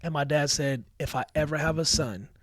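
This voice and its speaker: A man telling family stories on a podcast, animated and acting out the lines of the people he quotes. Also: on the high side, fairly quick, dry recording, studio quality. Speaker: podcast guest. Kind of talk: casual storytelling chat.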